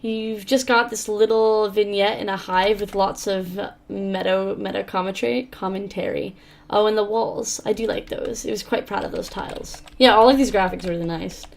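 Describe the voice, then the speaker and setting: A woman's voice: medium pitch, fairly even intonation, moderate pace, vocal fry. A woman hosting a let's-play, commenting casually on small indie games. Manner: casual, reads game text aloud between remarks.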